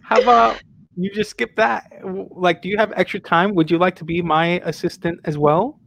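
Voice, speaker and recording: A man voicing a smooth-talking male artist who gushes flattery at everyone he meets. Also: high-pitched, normal speed, no room sound, exaggerated voice. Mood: flattering. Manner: gushing, flattering.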